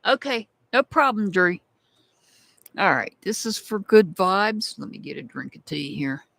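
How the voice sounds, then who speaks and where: A woman's voice: mid-range voice, very animated, unhurried, vocal fry, a bit bright, slight background noise. A woman hosting a tarot live stream, chatting casually and calling out viewers by name as she thanks them.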